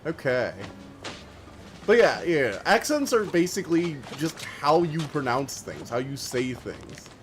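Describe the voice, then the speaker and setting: A man's voice: on the high side, sing-song, unhurried, a little hiss or hum. An American man chatting loosely as he streams a game, rambling with lots of filler words. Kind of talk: casual let's-play commentary.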